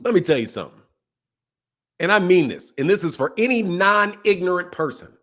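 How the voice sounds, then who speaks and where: Hosting his boxing show, a middle-aged man rants at his critics, mocking them through a constant flow of swearing. His fairly high voice jumps all over in pitch, lurching between loud outbursts and muttered asides, and he talks at a brisk clip.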